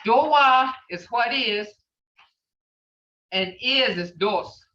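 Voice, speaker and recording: A woman's voice: on the high side, animated, drawn-out words, pushed and bright, distant mic. A woman teaching a language class, patiently repeating phrases as she explains them. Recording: muffled, roomy, from off mic.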